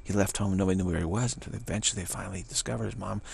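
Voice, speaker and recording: A man's voice: deep voice, rapid-fire, gravelly, a little mellow, slight background noise. A man giving a rambling, emphatic spiritual talk as a teacher, often dropping into whispers. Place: Bay Area, California.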